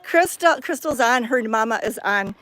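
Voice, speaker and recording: A woman's voice: on the high side, expressive, normal speed, a bit bright. A woman vlogging on a phone camera outdoors at a cat sanctuary, chatting in a bubbly, enthusiastic way. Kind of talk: casual walking vlog. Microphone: handheld phone camera.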